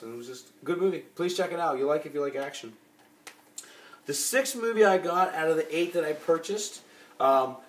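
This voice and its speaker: A man casually chatting about the movies he bought, rambling and restarting often, with lots of fillers. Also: mid-range voice. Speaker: movie collector vlogger. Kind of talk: casual chat. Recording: roomy echo.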